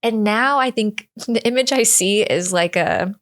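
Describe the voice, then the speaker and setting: A woman's voice: mid-range voice, unhurried. Reflective woman guest speaking in drafts. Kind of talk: candid interview talk.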